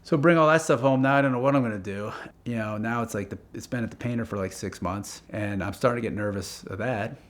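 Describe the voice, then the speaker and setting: A man telling a casual story about a car project, acting out the phone calls in quick quoted lines. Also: fairly low pitch.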